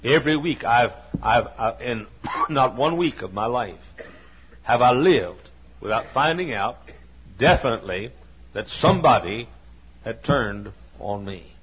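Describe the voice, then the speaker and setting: Husky older preacher, dull recording. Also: male voice, medium pitch, expressive, a little slow. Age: 60s. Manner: folksy, earnest, with frequent restarts and coughs. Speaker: pastor. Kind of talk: sermon with personal stories. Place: church sanctuary.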